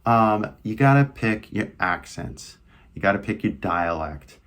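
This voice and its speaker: A young English teacher from California speaks with a lowish, expressive voice, fairly bright in tone and never rushed. His casual lesson is loose and conversational, full of fillers such as "right?" and "like."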